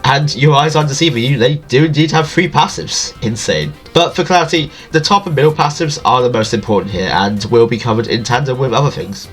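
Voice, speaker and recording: Man, nasal and stuffed up, fast-talking jokey game-guide narrator. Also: mid-range voice, soft background music. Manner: jokey and self-deprecating. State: stuffy from allergies. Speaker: video game guide creator. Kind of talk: scripted gaming guide voice-over.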